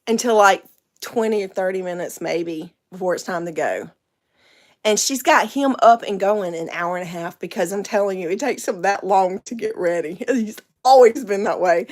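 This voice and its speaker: A middle-aged woman, rambling chattily in a casual livestream and laughing often. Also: medium pitch. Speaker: vlogger.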